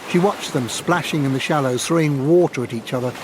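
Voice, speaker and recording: A man reading a story aloud as an audiobook narrator, with expressive storytelling delivery. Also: fairly quick, noisy background. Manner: expressive reading, voices characters in high put-on tones.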